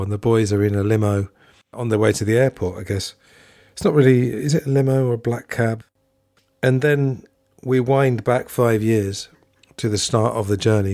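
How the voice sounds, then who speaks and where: A man's voice: on the low side, darkish tone, dry recording, clean studio sound. A man hosting a solo podcast, talking in a chatty, digressive way and often correcting himself. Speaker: podcast host.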